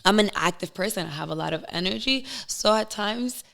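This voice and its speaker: A young woman guest in a casual podcast chat, telling candid, emotional stories in an animated way. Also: mid-range voice, brisk, gravelly.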